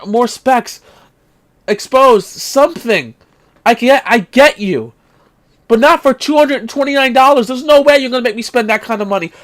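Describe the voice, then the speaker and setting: A man hosting his retro gaming vlog, ranting in exasperation, swearing casually and coughing now and then. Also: extremely high pitch. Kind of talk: casual vlog rant and show-and-tell.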